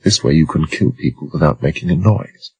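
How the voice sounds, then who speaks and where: A man's voice: rumbling low, brisk, slightly rough, dry recording, full character voice. A man voicing a frightened young woman who pleads anxiously in an audiobook. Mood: scared.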